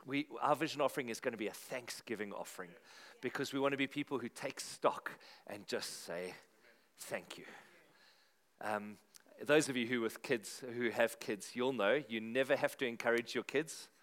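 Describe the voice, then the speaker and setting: Lively pastor preaching. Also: male voice, mid-range voice. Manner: lively, conversational preaching with emphatic repetition. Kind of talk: sermon.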